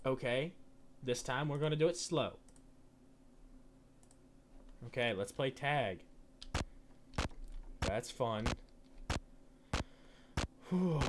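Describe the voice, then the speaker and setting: A young man giving horror game commentary, jumpy and swearing a lot, shouting when startled. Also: mid-range voice, animated, slow pace, pauses often, very noisy. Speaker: gaming channel host.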